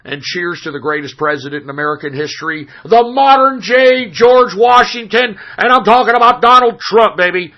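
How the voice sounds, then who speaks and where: Profane ranting talk radio host. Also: male voice, sits high, lively intonation, normal speed, hardly any pauses. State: hoarse from screaming. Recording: dull lo-fi stream audio.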